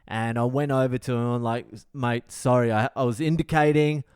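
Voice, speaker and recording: A man's voice: mid-range voice, normal speed, clear, resonant tone, dry recording, studio quality. A middle-aged man with an Australian accent, hosting a podcast and telling a story casually, swearing a lot and laughing at himself. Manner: profane, animated storyteller who laughs at himself. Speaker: podcast host.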